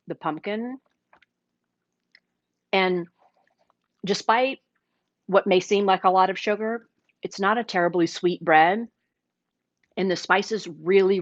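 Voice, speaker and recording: A woman's voice: lowish voice, dry recording. A woman hosting a casual live cooking demo, chatty and enthusiastic, sometimes talking with her mouth full while tasting. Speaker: cooking show host. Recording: dull lo-fi livestream audio.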